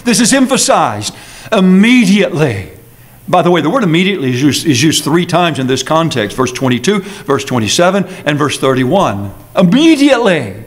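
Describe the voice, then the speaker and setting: A man preaching an earnest, emphatic sermon with dramatic pauses, as pastor in a church sanctuary. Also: a little high, sing-song.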